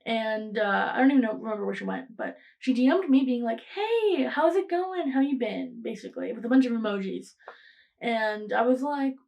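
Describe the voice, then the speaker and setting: A woman's voice: a little high, creaky, darkish tone. A young woman in her late teens hosting a podcast, telling a story in a rambling casual way, full of fillers and restarts. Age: young adult. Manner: rambling, frequent fillers and restarts, acts out quoted lines. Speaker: podcast host.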